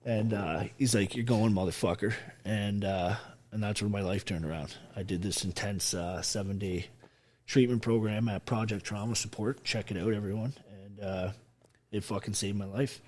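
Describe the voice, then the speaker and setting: Veteran guest, man, low-set voice, raw and profane storyteller. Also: fairly even intonation, moderate pace. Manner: profane, blunt, acts out quoted speech. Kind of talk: emotional storytelling on a podcast.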